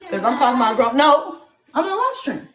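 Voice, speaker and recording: Brash woman livestreamer, high lively voice, profane taunting rant, echoey room. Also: a little fast.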